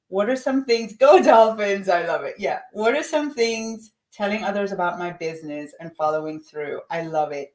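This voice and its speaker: Upbeat woman coaching a livestream, roomy echo. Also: on the high side. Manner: upbeat, encouraging, chatty, reads out viewer names. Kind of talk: live-stream coaching talk.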